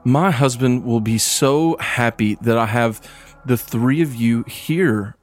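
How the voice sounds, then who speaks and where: A man's voice: medium pitch, slow pace, pitched above the performer's own voice, lightly acted. A man voicing a scheming sorceress who mocks her sisters with cold condescension, in a tabletop game with music behind. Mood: mocking. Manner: mocking, condescending.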